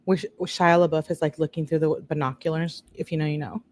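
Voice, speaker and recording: A woman's voice: deep voice, steady tone, a little fast, a little mellow. A woman hosting a true-crime video, reading text messages aloud in a casual way and breaking off to react and talk to her viewers.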